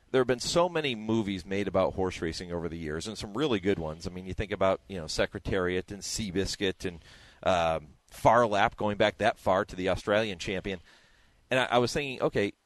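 A man's voice: fairly low pitch, no echo. A man hosting a radio show, chatting casually with restarts and asides.

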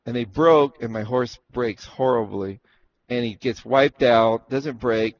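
Speaking unhurriedly at a medium pitch, a man from Arizona looks back on his years as a jockey in a relaxed interview. He brings the stories to life by acting out what was said. The audio is dull and lo-fi, with a little background noise.

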